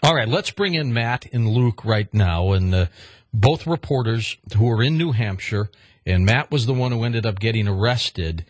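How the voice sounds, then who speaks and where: A man's voice: fairly low pitch, animated, normal speed, dry recording. A man hosting a talk radio interview, pressing his guests with probing questions. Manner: probing, repeats himself to stress points. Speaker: radio host.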